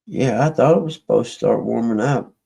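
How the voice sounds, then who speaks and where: A man's voice: medium pitch, brisk, gravelly, dark tone, husky, low-quality recording. A man chatting casually with his livestream viewers, rambling in a folksy way and often trailing off and starting over. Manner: meandering, folksy, trails off and restarts. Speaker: livestream host.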